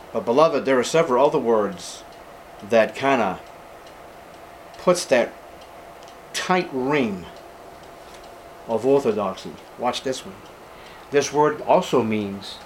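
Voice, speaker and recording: At a church service, a pastor preaches to his congregation with emphasis, repeating key words and addressing them as beloved. His voice sits at a medium pitch, with slight background noise.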